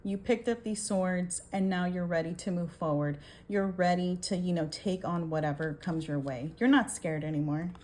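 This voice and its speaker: A woman's voice: on the low side, moderate pace, few pauses, darkish tone, slight background noise. A woman giving a casual tarot reading, talking emphatically, swearing and often checking in with "okay?". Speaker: tarot reader.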